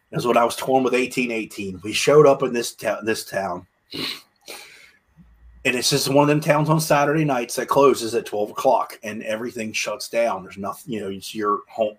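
A man from Pennsylvania, a musician telling road stories in a casual, rambling way with many restarts. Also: medium pitch. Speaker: musician guest. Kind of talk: casual storytelling.

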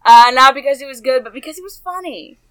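A woman's voice: high-pitched, fast, a loud crowd, rough recording. A woman hosting a casual podcast chat, playful and teasing, laughing often. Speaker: podcast host.

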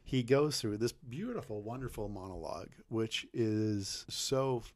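A man co-hosting a podcast, casually recapping a movie's plot and slipping into quick quotes of the characters. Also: on the low side, lively intonation. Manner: chatty, retells scenes with quick voiced quotes. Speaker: podcast co-host.

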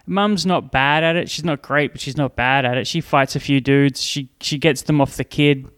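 A man's voice: mid-range voice, normal speed, clear, resonant tone. A man recapping a movie in casual chat, joking and swearing as he goes. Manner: profane, joking, animated recounting. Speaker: podcast co-host.

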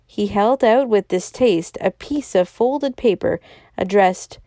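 A woman podcast storyteller reading a classic novel aloud in a calm, even voice. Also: medium pitch, slow, dry recording. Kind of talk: scripted narration of a classic novel.

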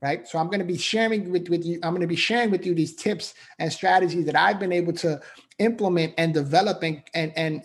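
Man with a slightly higher voice, earnest, emotional faith-based motivational speaker. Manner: earnest, repetitive, emphatic, frequent "right?".

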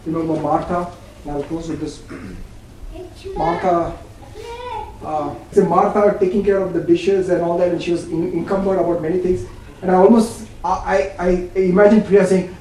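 A man's voice: sits high, normal speed, warm tone, slight background noise. A man preaching a sermon, emphatic and full of repeated questions to his listeners. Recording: very echoey room, distant mic, faint ambience.

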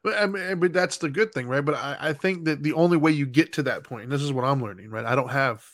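A man's voice: on the high side, fast talker, fairly bright tone, dry recording, clean studio sound. A man in his thirties co-hosting a casual chat, explaining his thoughts in long run-on sentences. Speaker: podcast co-host.

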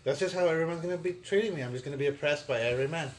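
Animated storytelling man, slightly high voice. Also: very fast, a little hiss or hum. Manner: animated storyteller, acts out quotes, laughs often. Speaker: podcast co-host. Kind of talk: casual chat, storytelling.

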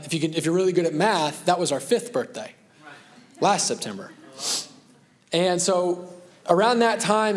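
A man in his thirties preaching a sermon as pastor, earnest and conversational, with self-deprecating asides. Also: high voice.

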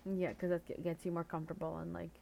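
Chatty low-pitched woman from the Philippines. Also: flat delivery, quick pace, creaky, warm tone, a little hiss or hum. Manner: chatty, lots of "like" and restarts. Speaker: podcast co-host. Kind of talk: casual chat.

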